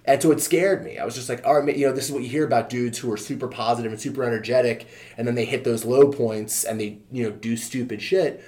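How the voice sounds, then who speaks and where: A man's voice: mid-range voice, fast talker, few pauses, mellow. A man in his thirties, a fitness trainer and podcast guest, telling his own story in a candid, casual way, full of fillers and easy swearing.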